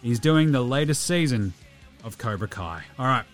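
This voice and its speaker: A man with an Australian accent hosting a podcast, giving a brisk, jokey outro. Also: medium pitch, animated, soft background music. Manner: brisk, informal, jokey sign-off. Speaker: podcast host.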